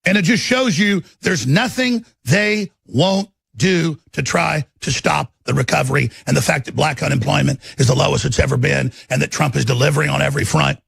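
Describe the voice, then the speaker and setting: Middle-aged male host with a raised, raspy voice, ranting furiously and repeating himself on a live broadcast. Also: fairly high pitch, moderate pace, hardly any pauses, fairly bright tone, dry recording. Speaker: talk radio host. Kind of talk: angry political broadcast rant.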